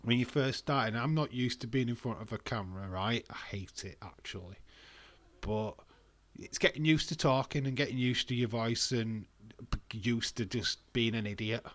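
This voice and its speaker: A man's voice: medium pitch, moderate pace, fairly bright tone, no echo. A man streaming casually, rambling and self-deprecating, with a stuffy, bunged-up nose and frequent laughs. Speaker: wrestling streamer. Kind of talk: casual live-stream chat.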